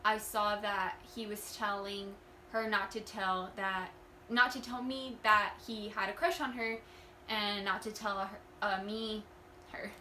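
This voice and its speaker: A woman's voice: mid-range voice, bright, forceful tone, slight background noise. A young woman vlogger telling a personal story in a candid, rambling and earnest way, often restarting her sentences. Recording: echoey room.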